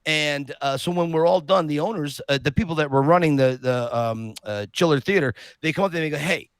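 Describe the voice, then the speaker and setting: A man on a podcast telling an animated personal story, acting out the people he quotes. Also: a little high, brisk, clear, resonant tone, dry recording. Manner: lively anecdote teller who acts out quotes. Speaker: podcast guest.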